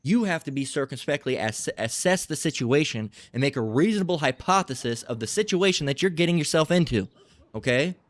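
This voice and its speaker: A man's voice: fairly high pitch, lively intonation, fairly quick, no echo. A man preaching in a blunt, profane, emphatic style, repeating himself and acting out quarrels.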